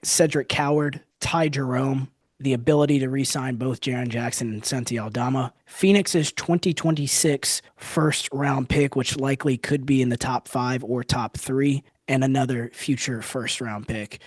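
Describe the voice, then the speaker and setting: A young man hosting a casual sports podcast, giving animated, quick analysis of trades. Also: medium pitch, no echo, studio quality. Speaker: podcast host.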